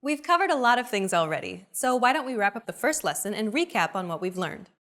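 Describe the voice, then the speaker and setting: Lesson host: young woman, lively pitch, bright and clear delivery. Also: quick pace. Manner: upbeat, clear teaching delivery. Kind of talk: scripted instructional narration.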